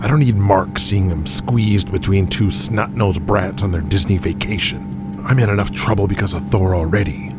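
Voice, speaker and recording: A man's voice: sits low, moderate pace, loud music behind the voice, lightly acted. A man voicing a foul-mouthed, bossy male wrestling promoter who speaks broken English and barks orders. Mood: outraged.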